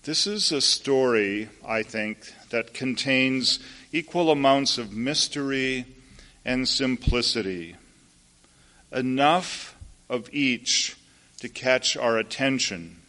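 Male preacher, measured sermon storytelling, slow delivery, asides to the congregation. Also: medium pitch, sharp tone. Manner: unhurried storytelling with asides to listeners.

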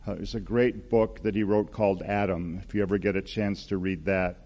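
A man in his sixties, a pastor preaching a gentle, earnest sermon. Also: sits low, fairly even intonation. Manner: slow, gentle, earnest preaching with soft spoken quotes.

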